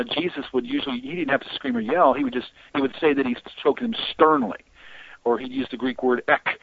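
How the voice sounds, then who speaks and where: A man with a gravelly voice speaks over a thin, phone-like line, his pitch rising and falling a lot as he tells his story. He rambles and halts, restarting his sentences often. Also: dry recording. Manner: rambling, halting with many restarts. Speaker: guest on deliverance ministry. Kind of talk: storytelling interview talk. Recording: tinny phone-line audio.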